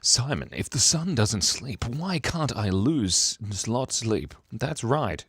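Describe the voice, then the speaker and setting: A man's voice: mid-range voice, big pitch swings, takes it slowly, fairly bright tone, breathy edge, dry recording. A man hosting a casual livestream chat, playful and silly, often giggling. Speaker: livestream host.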